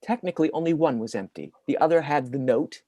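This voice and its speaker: A man reading the part of a deadpan, pedantic male adventurer in a staged play reading. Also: fairly high pitch, fast talker, no echo, lightly acted.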